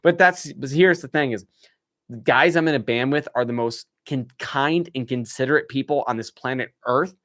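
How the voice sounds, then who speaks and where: Animated young man telling a story. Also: mid-range voice, normal speed, dry recording, clean studio sound. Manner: animated, laughs often, acts out what people said. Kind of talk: casual storytelling on a live stream.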